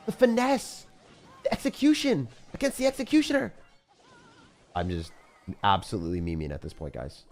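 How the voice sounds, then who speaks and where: A young man giving live gameplay commentary as a YouTuber, excitable and dramatic, swinging between outbursts and self-pity. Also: low-pitched, normal speed, long pauses, faint music behind. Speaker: gaming YouTuber.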